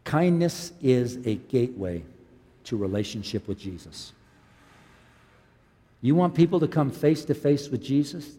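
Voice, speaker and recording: A man in his fifties preaching a sermon as a pastor, swinging from loud, impassioned lines to quiet, low ones. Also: lively intonation, measured pace, pauses often, breathy edge. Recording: long hall reverb.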